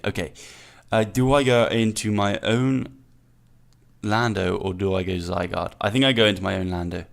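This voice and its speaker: Low-ish voiced guy doing live game commentary, talks himself through every move, keeps calling himself an idiot. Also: normal speed, gravelly. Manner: self-critical, thinking aloud, repeats himself. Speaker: gaming channel host.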